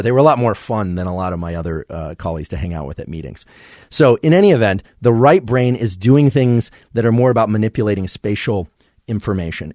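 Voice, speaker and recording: Low-voiced man explaining science calmly. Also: no room sound, clean studio sound. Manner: measured, explanatory, professorial. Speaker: podcast host. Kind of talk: solo science explainer monologue.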